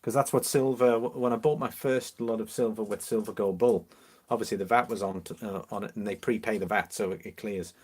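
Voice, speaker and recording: A man from Liverpool with a mixed English accent, mildly Liverpool, hosting a relaxed, casual live-stream chat and answering viewers. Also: fairly low pitch, brisk, husky. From Liverpool, England. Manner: chatty, relaxed, reads out viewer comments with easy laughs.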